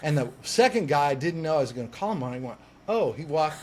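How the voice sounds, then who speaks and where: A man with a slightly raised speaking pitch tells a story as a guest, animated and quick to act out the voices of the people in it. He often restarts words mid-phrase, and his delivery rises and falls as he goes. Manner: lively, acts out quoted voices, restarts words. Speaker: executive coach, guest. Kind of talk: animated personal storytelling in conversation.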